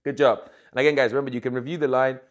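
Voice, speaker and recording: A man's voice: medium pitch, level tone. A man teaching Spanish in a casual lesson, talking in a chatty way and checking in with the class by addressing them as "guys". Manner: chatty, repeats "okay, guys" often; slow, careful spoken examples for learners.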